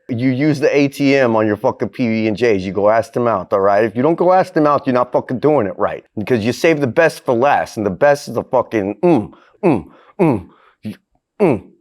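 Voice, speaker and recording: A man's voice: fairly low pitch, darkish tone. A man hosting a crude comedic cooking vlog, brash and profane, laughing often. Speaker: host.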